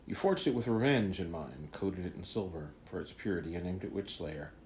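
A man voicing a calm, mysterious hooded stranger with a measured, knowing, faintly wry delivery. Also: sits low, a little hiss or hum. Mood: cryptic.

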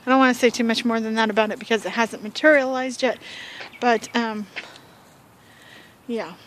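A woman's voice: on the high side, steady tone, moderate pace, a little hiss or hum. A woman vlogging on her porch, telling a story in a chatty, rambling way with fillers and sighs. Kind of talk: casual storytelling vlog. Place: home porch, outdoors.

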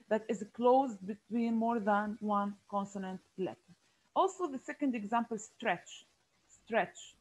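A woman's voice: mid-range voice, poor audio. A woman teaching an online phonics lesson, patiently repeating key words with frequent fillers.

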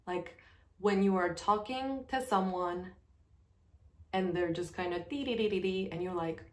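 A woman gives a casual language lesson in a bubbly, unhurried way, slowly repeating each phrase for her learners. She sits on the floor of a small nook at home. The room leaves a clear echo on her voice. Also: medium pitch. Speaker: Polish language teacher.

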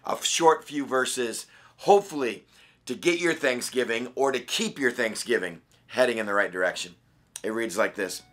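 A pastor with a raspy voice talks through a short devotional in an earnest, conversational way. His tone is bright and forward. He reads scripture with emphasis. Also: medium pitch, moderate pace. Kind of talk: daily devotional Bible study.

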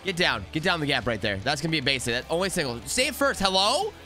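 A young man giving excited live commentary while playing a baseball video game, talking to his players on screen. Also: on the high side, fast, soft background music. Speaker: gaming YouTuber.

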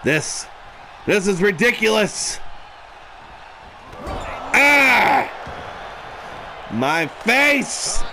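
A man shouts his way through a let's play, throwing out melodramatic trash talk. His voice sits high and swings widely, with a gravelly edge. He drags his words out slowly. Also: big pitch swings, some chatter behind, slight background noise. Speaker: gameplay commentator.

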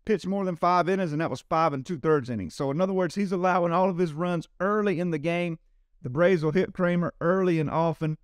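A man's voice: sits high, no echo, studio quality. A man with a Southern accent giving baseball betting picks, talking emphatically and straight to his viewers. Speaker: sports betting handicapper. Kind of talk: casual betting picks talk.

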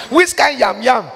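Nigerian woman preacher, gravelly fry, urgent exhortation, long reverb from a hall. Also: sits high, a little hiss or hum. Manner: forceful exhortation, mixing pidgin with English, bursts of shouting. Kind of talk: sermon.

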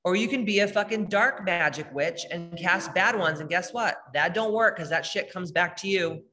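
A woman's voice: lowish voice, moderate pace, sharp tone, in a large hall. A woman spiritual healer hosting a live meditation, talking casually and bluntly with lots of swearing as she reads chat comments. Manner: blunt, profane, emphatic.

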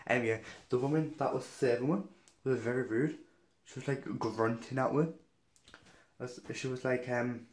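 A man's voice: mid-range voice, steady tone, moderate pace. A young man from Newcastle, telling a story in a casual vlog, chatty and gossipy, with some swearing. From Newcastle, England. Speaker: vlogger.

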